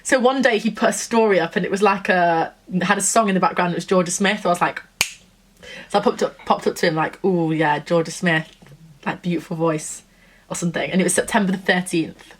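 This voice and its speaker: A Nottingham woman in her twenties tells a story like a vlogger, gushing and chatty, acting out what people said. Her voice sits on the low side and moves fairly quickly, with slight background noise.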